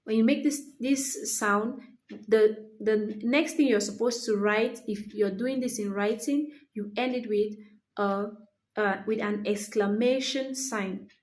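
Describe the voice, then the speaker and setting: A woman teaching English punctuation, explaining slowly and repeating key phrases for emphasis. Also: mid-range voice, darkish tone.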